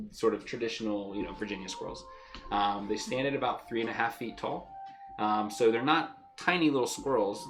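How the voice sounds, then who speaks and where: A man narrating as game master of a tabletop game, relaxed and descriptive with easy fillers. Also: on the low side.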